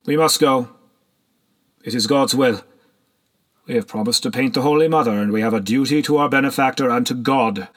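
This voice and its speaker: A man's voice: medium pitch, normal speed, pauses often, a bit bright, lightly acted. A man doing a zealous, insistent monk leader. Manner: insistent, firm.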